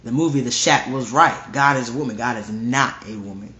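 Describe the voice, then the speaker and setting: A man's voice: medium pitch, a little fast, bright, forceful tone. A man giving a casual verse-by-verse Bible study, reading scripture aloud and repeating his points with emphasis. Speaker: Bible teacher. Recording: roomy, dull lo-fi recording.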